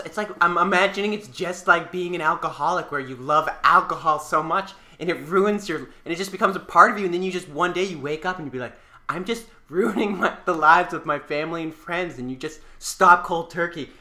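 A woman trades barbs on an improvised comedy panel, her voice bright and clear. She argues indignantly and wanders into long, rambling comparisons. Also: on the low side, fairly quick, few pauses.

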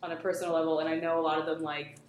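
A woman's voice: deep voice, flat delivery, racing. A woman casually telling a long work anecdote on a podcast, full of fillers and restarts. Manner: rambling storyteller, many fillers and restarts. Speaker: guest telling a work story. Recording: roomy echo, faint background noise.

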